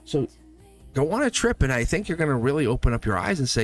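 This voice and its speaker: A man reads tarot live for a viewer in a loose, chatty way, reassuring her and breaking into laughs. His pitch swings widely as he talks. Soft music plays faintly behind him. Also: sing-song, quick pace. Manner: chatty and reassuring, laughs often, acts out quoted lines. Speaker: tarot reader hosting a live stream.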